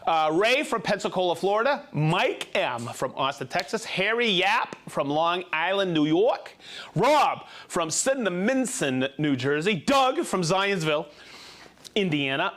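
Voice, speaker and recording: A man hosting a live show, reading out viewer names in a playful, energetic way. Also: high voice, measured pace. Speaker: show host. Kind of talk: live show shout-outs.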